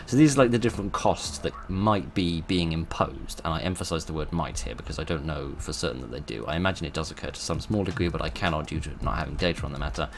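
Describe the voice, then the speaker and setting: A man with a very low voice talks through his channel's past and future in a loose, informal way. He weighs each point aloud, stopping and restarting often. A faint hiss sits under the recording. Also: lively intonation, very fast, gravelly, few pauses. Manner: thoughtful, hesitant, many fillers and restarts. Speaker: channel host.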